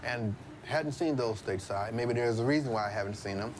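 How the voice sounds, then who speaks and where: A man's voice: mid-range voice, brisk, slight background noise. A middle-aged American man, a father on a documentary, chatting flirtily and with showy self-satisfaction. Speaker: father on a family-swap documentary. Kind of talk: playful chat on camera.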